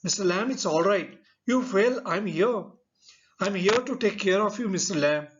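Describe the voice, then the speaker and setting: A man's voice: sits high, expressive, moderate pace, a little hiss or hum. A man reading out the lines of a withdrawn, scarred fourteen-year-old boy in broken, pleading phrases, on a dull lo-fi recording. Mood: tender.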